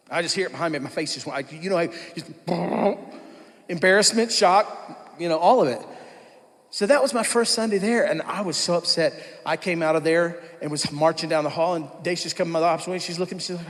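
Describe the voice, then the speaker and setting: Man, church testimony, candid storytelling, slightly higher voice, reverberant hall. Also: a little fast. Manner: candid storytelling, acts out his past self. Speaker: pastor giving his testimony.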